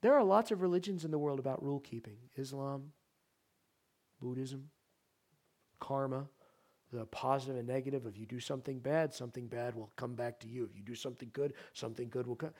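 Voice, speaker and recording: A male pastor delivers a sermon in a church sanctuary. His preaching is impassioned, ranging from loud exhortation to quiet, earnest appeal, and he often turns to question his listeners directly. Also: medium pitch, brisk.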